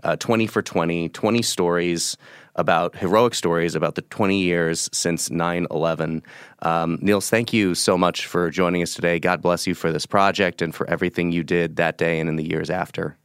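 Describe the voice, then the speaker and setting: A man hosting a podcast interview, speaking in a measured, earnest way. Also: low voice, steady tone, clear, resonant tone, no echo, clean studio sound. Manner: measured, earnest, closing remarks. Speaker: podcast host. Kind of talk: interview host.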